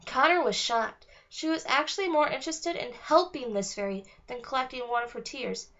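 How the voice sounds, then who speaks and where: A woman with a high voice reads a children's book aloud in an expressive storytelling manner. The recording is dull and lo-fi. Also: moderate pace. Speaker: reader. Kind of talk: children's book read-along narration.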